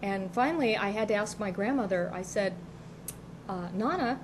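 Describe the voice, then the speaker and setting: A woman's voice: medium pitch, moderate pace, noisy background. Chatty middle-aged woman telling stories. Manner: rambling, chatty, laughs often while telling stories. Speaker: co-host. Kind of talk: casual chat, personal storytelling. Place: local TV studio.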